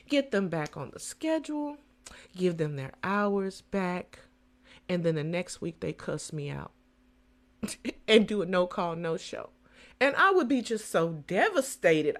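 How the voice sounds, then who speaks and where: Middle-aged woman doing her podcast, coach talking straight to listeners, pitch jumps around a lot. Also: a little slow. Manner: animated, preachy, lively pitch swings with playful voices. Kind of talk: casual solo podcast talk.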